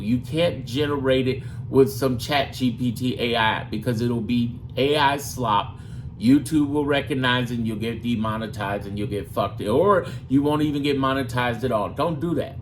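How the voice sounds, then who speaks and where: A man's voice: mid-range voice, a little hiss or hum. A man giving a brash, profane how-to talk as a gaming YouTuber, often slipping into put-on voices. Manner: fond of breaking into put-on voices. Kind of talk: casual how-to talk to camera.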